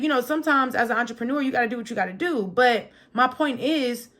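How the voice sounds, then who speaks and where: A young adult woman hosting a solo motivational podcast in a chatty, animated manner. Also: on the high side, fast. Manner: lively, chatty, animated, acts out quoted voices. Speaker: podcast host.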